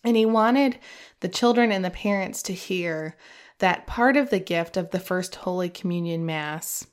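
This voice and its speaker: A middle-aged woman hosts a podcast and tells a personal faith story from the heart, her voice lowish, clean, and unhurried. At times she gets emotional and laughs through tears.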